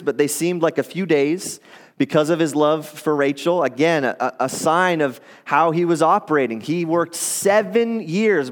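A man giving a sermon as pastor, in a conversational, animated storytelling way. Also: a little high. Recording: long hall reverb.

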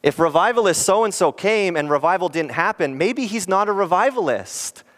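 Man, pastor, sermon, earnest, animated delivery, slightly high pitch. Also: normal speed. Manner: earnest, animated preaching with quoted voices.

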